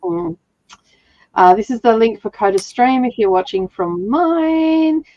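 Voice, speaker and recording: A woman's voice: a little high, expressive, measured pace, mellow, lo-fi sound. A woman hosting a livestream reading session, chatting casually and laughing often while nursing a sore throat. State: sore throat, slightly rough voice. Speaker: livestream reading sprint host. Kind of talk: casual chat.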